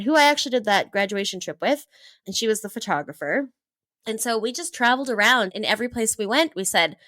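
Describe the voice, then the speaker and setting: A woman from Hawaii, in her thirties, telling travel stories in a casual interview, lively and laughing often. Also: fairly high pitch, no echo. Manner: animated, laughs often, acts out her own past thoughts. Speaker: travel entrepreneur guest.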